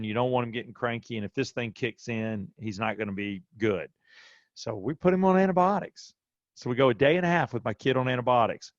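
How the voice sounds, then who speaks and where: A man's voice: mid-range voice, creaky, no room sound, dull audio. A man co-hosting a podcast, telling a personal story in a casual way and acting out what other people said. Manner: animated retelling that acts out other people's quoted lines. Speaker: podcast co-host.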